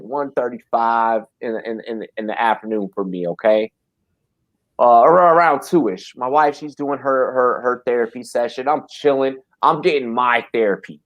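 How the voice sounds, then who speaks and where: A man hosting a casual livestream chat from his back porch, talking in an excitable, profane, rambling way. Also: mid-range voice. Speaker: host.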